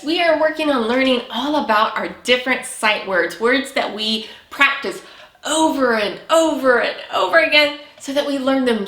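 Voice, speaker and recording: A woman teaching preschoolers, speaking in a slow, encouraging, sing-song way and praising often. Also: high-pitched, pushed and bright. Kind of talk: early learning lesson for young children. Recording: echoey room.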